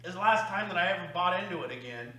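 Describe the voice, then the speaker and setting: A man coaching a recovery group, talking emphatically and confessionally, swinging between loud bursts and hushed asides. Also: high voice, lively intonation, fast talker, reverberant, low-quality recording. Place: meeting room.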